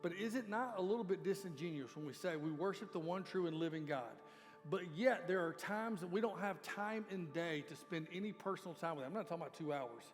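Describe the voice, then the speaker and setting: A male pastor preaching a sermon in an emphatic, conversational way with sudden loud peaks. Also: high voice, brisk. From Georgia, USA. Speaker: lead pastor. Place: church sanctuary. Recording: long reverb of a church hall with faint music.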